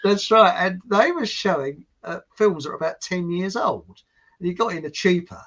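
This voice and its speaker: A man's voice: sits high, moderate pace, fairly bright tone, lo-fi sound. A man from England, hosting a podcast and telling a story in a rambling, jokey way full of asides. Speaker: podcast host. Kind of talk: casual storytelling chat.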